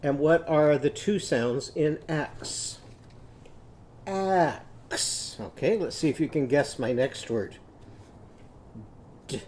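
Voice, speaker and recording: A man teaching a children's phonics lesson, patiently sounding out words slowly for young learners. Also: mid-range voice, a little mellow, a little hiss or hum. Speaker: literacy teacher.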